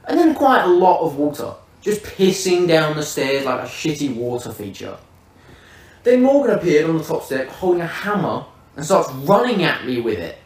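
A man's voice: a little high, darkish tone. A man hosting a podcast who tells a vivid, swear-laden comic story in casual chat. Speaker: podcast host. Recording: roomy, distant mic.

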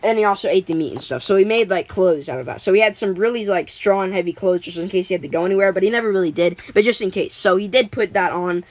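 A woman's voice: medium pitch, quick pace, hardly any pauses, poor audio. A woman casually making up a story as she goes, rambling with lots of fillers and restarts.

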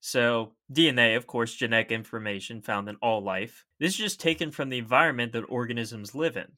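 A man's voice: medium pitch, fairly quick, sharp tone. A young man co-hosting a podcast, explaining science facts in an easy, chatty way. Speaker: podcast co-host. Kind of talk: casual science podcast chat.

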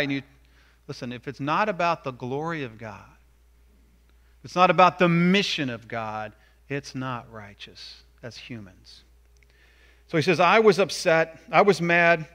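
A man preaching a sermon from the pulpit. His voice sits a little high and rings bright and forceful. He talks in an easy, conversational way and leans in hard on the lines he stresses. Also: expressive, a little slow. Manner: conversational preaching, rising to emphatic. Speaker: pastor.

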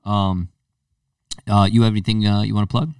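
A man's voice: lowish voice, moderate pace, clean tone, no echo, clean studio sound, recorded from a distance. A man hosting a podcast, chatting casually and acting out voices as he tells stories. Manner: animated storyteller, acts out quoted voices. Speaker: podcast host. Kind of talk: casual chat.

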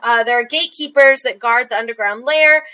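A woman's voice: on the high side, a little fast, sharp tone, low-quality recording. A young woman co-hosting a casual podcast chat, rambling with lots of fillers and giggles. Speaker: podcast co-host. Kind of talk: casual chat recapping an anime episode.

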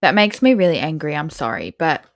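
Chatty young mum, lowish voice. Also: female voice, big pitch swings, brisk, no echo, studio quality. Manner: chatty, laughs often, blunt swearing. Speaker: podcast co-host. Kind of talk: casual chat.

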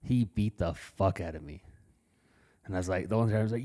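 Speaking fairly quickly in a low voice with a dark tone, a man co-hosting a laid-back podcast shares blunt tales from his younger years, swearing heavily as he chats.

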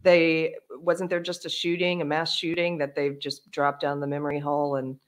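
A woman hosting a casual live stream, chatty and quick to laugh as she reads viewer comments. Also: sits low, little pitch movement. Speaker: show host.

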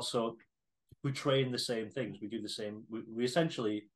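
Man, casual podcast talk, relaxed, hesitant fillers, mid pitch. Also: normal speed, low-quality recording. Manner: laid-back, swearing, hesitant fillers. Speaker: podcast co-host.

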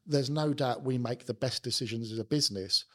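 A middle-aged man with a South London accent speaks as a guest in a relaxed interview. He talks chattily, with frequent fillers and false starts, and his pitch sits at an ordinary middle level. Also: fairly quick. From London, England. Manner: chatty, many fillers and restarts. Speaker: company managing director, interview guest. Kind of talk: casual conversational interview.

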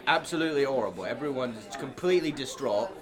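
A man voicing a distraught young male English football fan reporting from London, with a put-on London accent, swearing and excitable. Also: mid-range voice, fast, crowd noise, natural voice.

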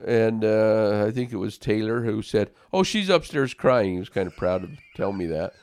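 A man with a low, gravelly voice tells a personal story earnestly, often restarting his sentences. The sound is dry and close. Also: fairly even intonation, normal speed, dark tone, no room sound. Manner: storytelling, earnest, repeats words when starting sentences. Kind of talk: casual faith discussion.

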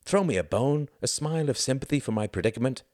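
A man reading a novel aloud and voicing an anxious, self-conscious middle-aged wife with a raised pitch. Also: expressive, quick pace, darkish tone, no echo, clean studio sound, natural voice. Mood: flustered.

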